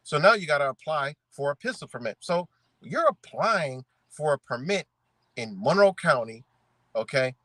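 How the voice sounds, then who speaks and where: Man, conversational profane rant, slightly high voice, dry close recording. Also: lively intonation, normal speed, fairly bright tone, no echo. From Rochester, New York area. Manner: profane, conversational, rhetorical questions, street slang. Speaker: vlogger. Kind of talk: ranting commentary, reading out rules.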